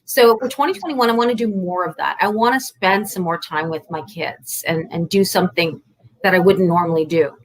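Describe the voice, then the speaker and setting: A woman in a casual group chat, speaking haltingly with many fillers. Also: fairly low pitch, rough recording.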